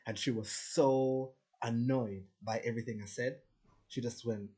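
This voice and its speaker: A man's voice: medium pitch, normal speed, dark tone. A man talking casually to his viewers in a rambling, boastful, profane rant. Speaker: spiritual vlogger. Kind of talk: casual ranting monologue.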